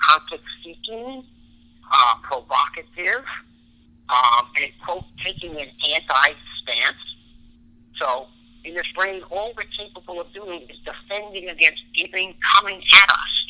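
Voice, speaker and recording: A man's voice: on the high side, pushed and bright, poor audio. A man speaking as a podcast guest, explaining brain science through everyday stories from his own life. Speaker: podcast guest, relationship expert. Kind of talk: podcast interview.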